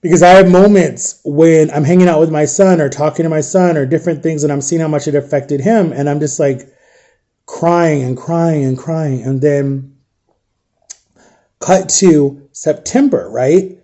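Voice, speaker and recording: A man's voice: fairly high pitch, unhurried, dark tone. A man vlogger telling an emotional storytime monologue to his viewers, tearful, raw and confiding. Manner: addresses viewers directly.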